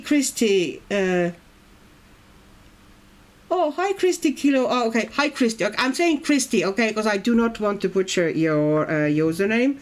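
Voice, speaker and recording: A woman's voice: fairly high pitch, lively intonation, measured pace, pauses often. Chatty woman coloring on a livestream. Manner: chatty, reads viewer comments aloud and muses. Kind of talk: casual chat while coloring. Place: at home in Brazil.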